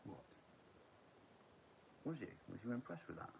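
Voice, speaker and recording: A man's voice: medium pitch, big pitch swings, normal speed, creaky, background noise. A man in his forties chatting casually on a live stream, rambling, swearing freely and answering his viewers. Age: 40s.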